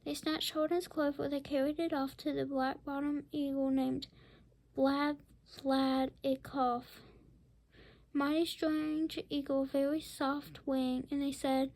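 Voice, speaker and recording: A woman's voice: high voice, flat delivery, slow, a little mellow. A woman reading a rhyming picture book aloud, with whispered asides. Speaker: storybook reader.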